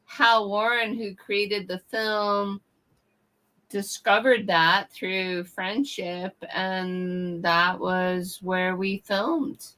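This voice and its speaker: Texan woman guest, slow unhurried delivery, bright tone, friendly. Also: medium pitch, fairly even intonation. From Texas. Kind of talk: interview answers.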